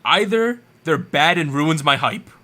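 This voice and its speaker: A man co-hosting a casual podcast chat, trading quick, animated, jokey opinions. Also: a little high. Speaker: podcast co-host.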